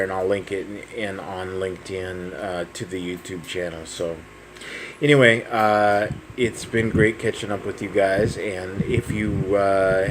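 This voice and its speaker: A man in his thirties talks through a casual personal update in a lowish voice, with plenty of ums and restarts. The recording is noisy, with a clear hum of background noise under his voice. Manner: rambling, many fillers and restarts. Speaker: vlogger.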